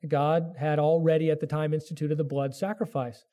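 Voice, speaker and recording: Earnest preaching man, warm low tone. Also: little pitch movement, moderate pace. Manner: earnest preaching, voices biblical figures with rising pitch. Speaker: pastor. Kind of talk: sermon.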